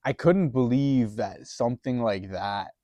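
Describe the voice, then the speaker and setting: A man's voice: mid-range voice, measured pace, dark tone, no room sound. A man telling a story in a rambling, profane, casual way, full of restarts and chuckles.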